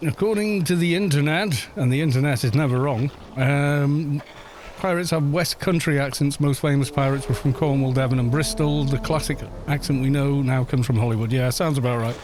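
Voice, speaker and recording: A man's voice: medium pitch, normal speed, a little mellow, slight background noise. A man hosting a gaming channel, chatting wryly and rambling through asides while he plays an online game. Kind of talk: casual commentary while playing an online game.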